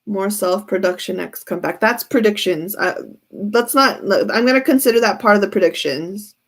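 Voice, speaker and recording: A woman's voice: mid-range voice, moderate pace. A woman giving a casual tarot reading who keeps breaking into giggles as she talks. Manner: giggly, often breaks into laughter. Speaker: tarot reader.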